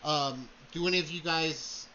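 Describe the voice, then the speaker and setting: A man's voice: fairly high pitch, normal speed, sharp tone, highs cut off, slight background noise. A young man narrating as game master, rambling with many fillers.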